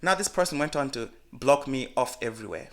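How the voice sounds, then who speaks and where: A man with a bright, forceful tone, co-hosting a casual podcast. He tells stories in an animated, frank way and swears freely. His pitch sits in an ordinary middle range. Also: brisk. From Malawi. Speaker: podcast co-host. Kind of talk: casual storytelling chat.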